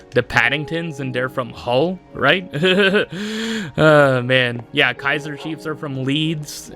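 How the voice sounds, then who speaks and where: A man's voice: mid-range voice, creaky, pushed and bright. A young man hosting a solo podcast, rambling casually with lots of fillers and frequent laughs. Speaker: podcast host.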